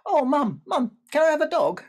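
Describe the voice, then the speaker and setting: A man voicing an excitable, good-natured little boy in a told family story, with a high, breathless, pleading manner. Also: normal speed.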